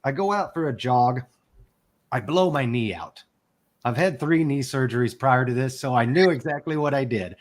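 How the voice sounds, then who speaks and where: A man's voice: medium pitch, lively intonation, normal speed. Candid man in his forties. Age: 40s. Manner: candid and emotional, swears casually. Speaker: podcast guest. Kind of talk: personal storytelling.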